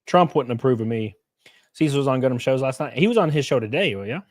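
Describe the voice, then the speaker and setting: A man's voice: mid-range voice, animated, quick pace, no echo, studio quality. A man streaming casual reaction commentary, chatty and repeating himself as he thinks aloud.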